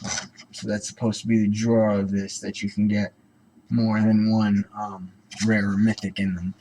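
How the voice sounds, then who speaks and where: A man's voice: on the low side, little pitch movement, normal speed, warm tone, rough recording. A man talking casually through cards one by one, rambling with lots of ums and self-corrections. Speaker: card-opening channel host. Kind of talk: casual card-by-card commentary.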